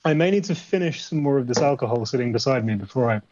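A man's voice: medium pitch, expressive, fast, noisy background. Rambling man on a dull lo-fi line. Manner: rambling, full of "like" fillers. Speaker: indie game developer guest. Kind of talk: casual podcast chat. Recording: dull dry lo-fi audio.

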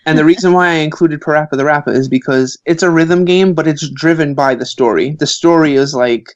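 A man's voice: on the high side, brisk, no echo, highs cut off. A man in his thirties from Brooklyn with a New York accent, chatting casually as a guest and acting out the people he quotes. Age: 30s. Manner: animated storyteller, acts out quotes. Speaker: book author guest. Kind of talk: casual podcast chat.

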